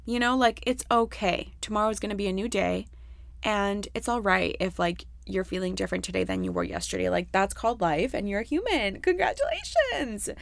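A woman's voice: mid-range voice, fairly quick, vocal fry, no room sound. A young woman hosting a podcast solo, talking casually and candidly with lots of fillers and swearing. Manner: chatty, candid, swears freely, many fillers. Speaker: podcast host.

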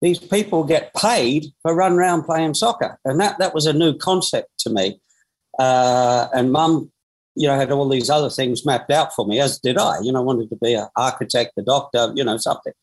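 An Australian man in his sixties, a former footballer, tells his story in an interview, lively and full of restarts and fillers. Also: medium pitch, moderate pace, poor audio.

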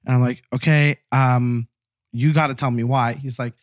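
A man in his thirties, a caller, telling a workplace story in a casual, animated way, acting out his coworkers' lines. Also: mid-range voice, normal speed, dry recording, clean studio sound. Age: 30s.

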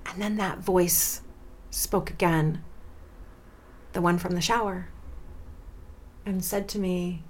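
A woman in her forties hosting a podcast, telling a personal story in a dramatic, expressive way. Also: on the low side, slow pace, pauses often, slightly rough. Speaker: podcast host.

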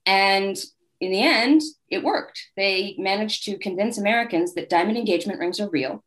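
A woman's voice: mid-range voice, moderate pace. A woman guest author telling candid, wry anecdotes in a casual interview. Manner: acts out quoted people in lively voices.

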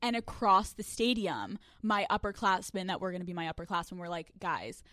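A woman's voice: mid-range voice, brisk, pushed and bright, no room sound. A young woman hosting a podcast, chatting in a brash, profane and emphatic way. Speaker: podcast host. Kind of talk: casual chat.

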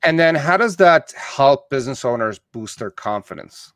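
A man's voice: medium pitch, animated, normal speed, a bit bright, no room sound. Chatty Canadian man hosting, dry sound. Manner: friendly, chatty with filler "uh"s. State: morning voice. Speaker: interview host. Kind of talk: casual online interview.

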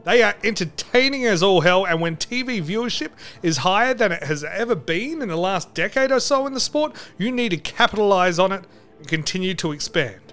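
A man's voice: sits high, animated, a little fast, a bit bright, smooth. A man hosting a comedy podcast, ranting crudely with mock outrage. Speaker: podcast host.

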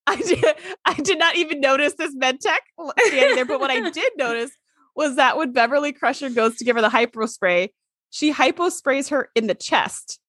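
A woman's voice: sits high, animated, moderate pace, fairly bright tone, no room sound. A woman co-hosting a casual chat about a TV episode, laughing often and mimicking characters in mocking asides. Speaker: podcast co-host.

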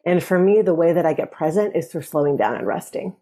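Calm low-voiced woman guest. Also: brisk. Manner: calm, reflective, gently instructive. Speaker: author and guest. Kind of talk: podcast interview.

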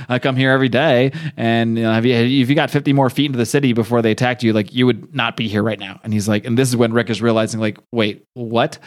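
Man animatedly recapping a comic. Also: medium pitch. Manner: animated retelling, acting out character lines. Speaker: podcast co-host. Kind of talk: casual comic book recap.

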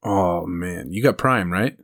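A man's voice: sits low, takes it slowly, fairly bright tone. A man co-hosting a podcast in casual chat, rambling through stories and laughing at his own jokes. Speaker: podcast co-host.

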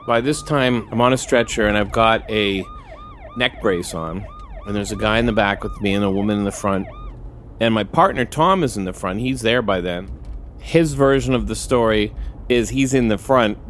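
Male storyteller, low-pitched, candid and profane, does voices for quoted lines. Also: normal speed, slight background noise. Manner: acts out quoted dialogue with raised pitch. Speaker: storyteller recounting a personal accident. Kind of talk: casual spoken storytelling.

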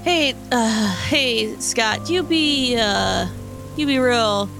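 Brief: woman as nervous small-town mayor, fry in the voice, stammering. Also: fairly high pitch, a bit bright, soft background music, exaggerated voice. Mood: anxious, hushed. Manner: hesitant, halting, repeats words.

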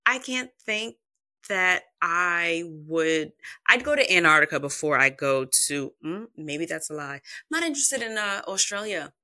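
Bright-voiced rambling woman podcaster. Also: low voice, no echo. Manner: rambling with tangents, frequent fillers and swearing. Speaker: podcast host. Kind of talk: casual solo podcast chat.

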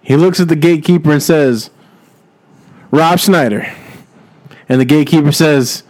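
A man's voice: fairly high pitch, fast talker, dark tone, low-quality recording. A young man improvising a rambling, profane comedy story and laughing along as he tells it.

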